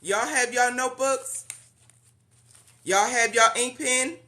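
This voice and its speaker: A woman's voice: on the high side, takes it slowly, bright, forceful tone. A woman hosting a live-stream meeting, chatty and welcoming, greeting viewers by name and saying "y'all.". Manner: uses Southern-style "y'all".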